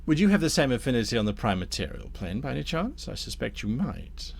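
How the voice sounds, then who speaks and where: A man voicing a smooth, scheming male devil dealmaker who talks with polite, silky menace. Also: medium pitch, big pitch swings, fast talker, full character voice.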